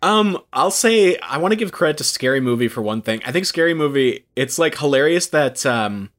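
A man's voice: fairly high pitch, animated, a little fast, fairly bright tone. A man co-hosting a casual chat, talking eagerly and rambling with lots of filler words. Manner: enthusiastic, rambling with many "like"s. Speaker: podcast co-host.

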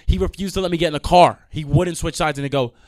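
A man's voice: a little high, fast, a little mellow. A young man hosting a podcast, ranting in a heated, profane, emphatic way. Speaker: podcast host. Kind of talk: ranting monologue.

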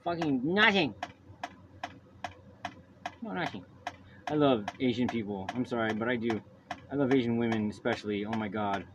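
A man's voice: fairly low pitch, quick pace. Cursing man rambling on a lo-fi podcast. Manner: profane, rambling, loose and casual. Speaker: podcast host. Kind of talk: rambling solo podcast monologue. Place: at home, by a baby monitor. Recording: dull lo-fi audio with noise.

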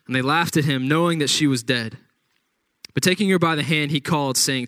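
Man, pastor, sermon, fairly high voice, dry close recording, dramatic storytelling. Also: brisk, fairly bright tone, dry recording. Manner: dramatic retelling with acted-out quotes.

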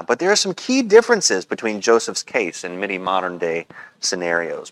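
A man preaching a sermon as pastor, in a relaxed, conversational way with frequent pauses. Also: on the low side, no echo, poor audio.

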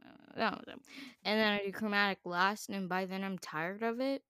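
A woman's voice: medium pitch, moderate pace, clean tone, no room sound, clean studio sound. A woman co-hosting a podcast, chatting casually and telling stories with lots of giggles. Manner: giggly, animated storyteller. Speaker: podcast co-host. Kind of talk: casual chat.

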